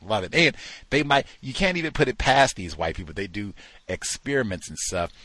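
A man's voice: medium pitch, big pitch swings, normal speed, pushed and bright, no room sound. A man hosting a talk show, giving incredulous, mocking commentary and acting out the people he quotes. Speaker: host.

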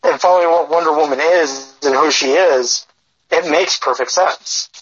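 A man's voice: a little high, moderate pace, a bit bright, slightly rough. A man co-hosting a live podcast, chatting casually in a crude, joking, opinionated way. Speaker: podcast co-host. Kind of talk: casual chat. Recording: dull lo-fi sound.

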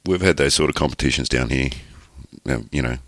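A man's voice: a bass voice, brisk, a bit bright, no echo. A man, co-hosting a casual podcast chat with dry, blunt remarks. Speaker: podcast co-host.

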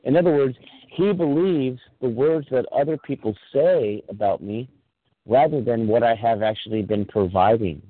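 A man's voice: mid-range voice, normal speed, dry recording. Angry swearing man on a tinny phone line. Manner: angry ranting, heavy swearing. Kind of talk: heated phone chat.

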